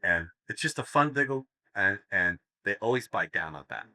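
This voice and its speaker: A man's voice: on the low side, expressive, normal speed, sharp tone, dry recording, studio quality. A man giving a live seminar talk, telling crude jokes as stories and laughing at his own punchlines. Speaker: seminar speaker. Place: seminar room with audience.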